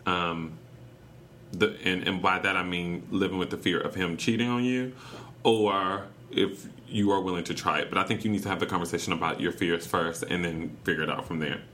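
A man with a North Carolina accent co-hosting a chatty podcast, animated and teasing, laughing often. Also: low voice, normal speed, a little hiss or hum. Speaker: podcast co-host. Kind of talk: casual chat.

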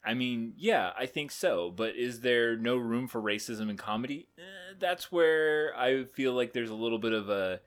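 Sex: man. Role: podcast co-host. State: sleep-deprived. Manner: energetic, rambling, lots of fillers. Style: casual chat. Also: mid-range voice, moderate pace, few pauses.

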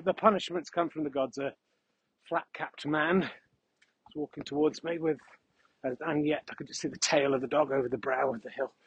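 A man rambling through a deadpan, mock-grandiose comic monologue while walking his dog across open fields, recorded on a mic he carries. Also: medium pitch, slightly rough, dry recording.

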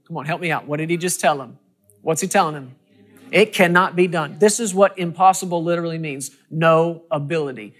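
A preacher delivering a sermon, asking the congregation questions and building to loud, high-pitched peaks. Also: normal speed. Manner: asks the audience questions.

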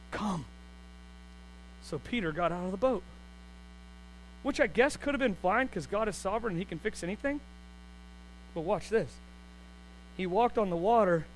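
A man preaching a sermon, animated, swinging between quiet asides and loud, excited bursts. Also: high voice, normal speed, long pauses, slight background noise, low-quality recording. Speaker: pastor.

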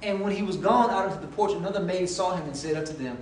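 A man's voice: high-pitched, fast talker, a little mellow, a little hiss or hum. A man preaching a sermon in a conversational way, often acting out the voices of the people in his stories. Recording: echoey room, voice from a distance, faint ambience.

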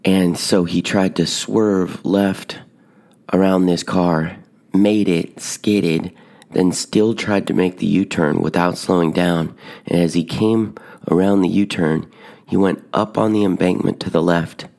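A man casually telling a personal story on a podcast, building suspense with hushed moments. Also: sits low, unhurried, gravelly. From Tucson, Arizona. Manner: animated, drops to hushed whispers at dramatic moments. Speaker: podcast host telling stories.

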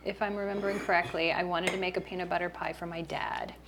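A woman guest cook in a home kitchen, explaining her recipe in a halting, hesitant way. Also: lowish voice, level tone, noisy background. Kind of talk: casual chat over food.

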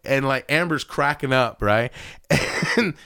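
An animated man with a gravelly edge tells stories on a podcast, and his pitch swings widely as he acts out the voices in them. He swears freely, and the sound is dry and close. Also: slow, no echo. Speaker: podcast co-host. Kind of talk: casual storytelling chat.

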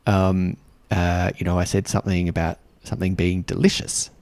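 Aussie guy telling a story on his podcast, low gravelly voice, lots of ums. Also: little pitch movement, normal speed, a little mellow, dry recording. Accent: Australian. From Australia. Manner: chatty, full of ums and likes, acts out others' lines. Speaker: podcast host. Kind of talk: casual storytelling.

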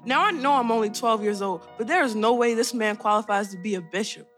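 A blunt twelve-year-old girl in an audio drama, voiced by a woman. She talks in a fairly high voice and fires pointed questions at the adults. Faint music plays underneath. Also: a little fast, a bit bright, lightly acted. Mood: indignant.

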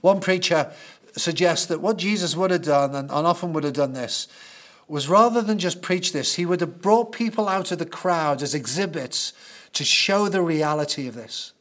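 Brief: male preacher, high-pitched for a man, earnest storytelling sermon. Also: normal speed, a bit bright.

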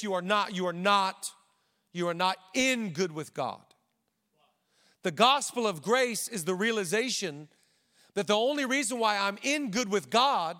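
A man preaching a sermon as pastor, animated, with quick asides and playful asides to the crowd. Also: sits high. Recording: long hall reverb.

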